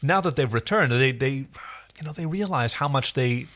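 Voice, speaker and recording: A man's voice: mid-range voice, normal speed. A man co-hosting a podcast, chatting casually about a TV episode with frequent laughs and restarts. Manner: animated, laughs often, repeats words as he talks. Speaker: podcast co-host.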